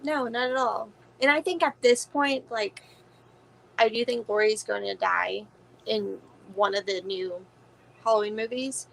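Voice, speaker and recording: A woman's voice: a little high, steady tone, measured pace, vocal fry, low-quality recording. A woman guest in a casual watch party chat, talking chattily with lots of "like" and swearing. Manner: chatty, swears, heavy use of "like".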